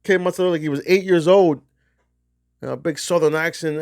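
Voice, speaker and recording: A man's voice: on the high side, fairly even intonation, moderate pace, darkish tone, smooth, no room sound, studio quality. A middle-aged man from New Jersey casually telling a rambling, profane golf trip story. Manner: rambling, profane, restarts often. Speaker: golf vlogger.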